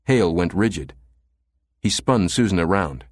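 Male audiobook narrator, steady measured reading, lowish voice, dry close sound. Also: no echo. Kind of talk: scripted narration.

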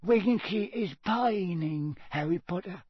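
A man voicing a small, excitable male house elf with a squeaky voice, pleading and slow, in an audiobook reading. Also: slightly rough, no room sound, heavily acted. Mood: sad, hushed. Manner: high, slow and pleading, speaks of himself by name. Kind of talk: audiobook character voice.

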